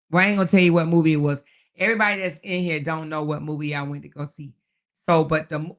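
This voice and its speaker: Her voice is deep with a slight brightness. Hosting a laid-back livestream, she reads comments from viewers and chats in a homey manner, laughing a lot and addressing people as baby, child and honey.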